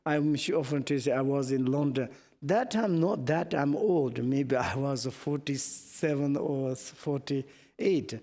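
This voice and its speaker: A middle-aged Buddhist teacher with a Tibetan accent gives a dharma teaching in halting non-native English, chuckling as he tells anecdotes. His voice is medium-pitched and warm, with long reverb from the hall.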